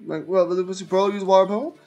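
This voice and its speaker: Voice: mid-range voice, steady tone, rapid-fire, darkish tone, muffled recording. A VTuber streamer giving casual gameplay commentary, playfully mocking opponents, with faint game music behind.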